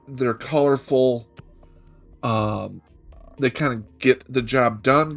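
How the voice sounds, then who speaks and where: A man's voice: mid-range voice, a bit bright. A middle-aged man hosting a video game review, talking in a wry, joking way that rambles with self-corrections. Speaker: game reviewer, channel host. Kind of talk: casual game review monologue.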